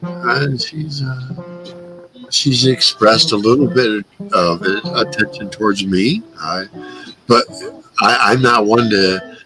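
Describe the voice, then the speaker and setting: A man's voice: fairly low pitch, slow pace, poor audio. A man hosting a casual chat, reserved and reassuring in how he talks. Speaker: channel host. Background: music playing.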